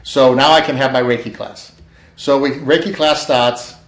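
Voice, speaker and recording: Man, casual personal storytelling, acts out dialogue, medium pitch, echoey room. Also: moderate pace. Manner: animated, acts out quoted dialogue.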